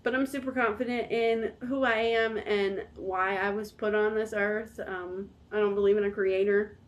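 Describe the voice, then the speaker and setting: A woman's voice: mid-range voice, steady tone, normal speed, lo-fi sound. A woman in her thirties talking casually to camera as a vlog host, candid and rambling. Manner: rambling, candid and self-deprecating. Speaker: channel host.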